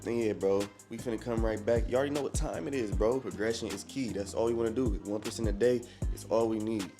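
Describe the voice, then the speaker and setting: Over music, a low-voiced man in his twenties talks fast in a casual market-update vlog about his day trades. He's a little out of breath, relaxed and full of slang, and keeps calling viewers bro.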